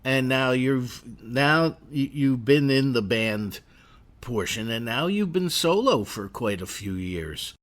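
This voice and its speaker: A man's voice: mid-range voice, expressive, slow pace, fairly bright tone. A man hosting a radio interview, asking rambling, conversational questions. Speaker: radio host.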